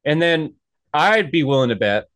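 A man's voice: a little high, very animated, normal speed, a bit bright, no echo. A man hosting an interview, telling stories in a rambling, chatty way. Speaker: host. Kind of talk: casual interview chat.

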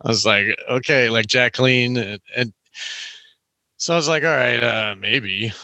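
A man's voice: mid-range voice, a little slow, bright, forceful tone, no echo. A young man telling a long story in casual chat, rambling with lots of "like" and "you know".

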